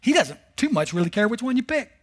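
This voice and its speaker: A male pastor preaching a sermon, telling a Bible story with animated, sarcastic humor. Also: extremely high pitch, quick pace. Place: church service.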